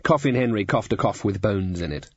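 Husky male audiobook narrator. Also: lowish voice, expressive, fairly quick, no echo, highs cut off. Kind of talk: scripted narration.

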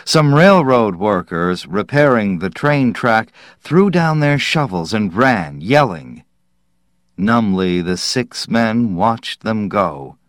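Slow, low-voiced male narrator. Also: big pitch swings, no room sound, studio quality. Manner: measured, deliberate reading. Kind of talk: scripted audiobook narration.

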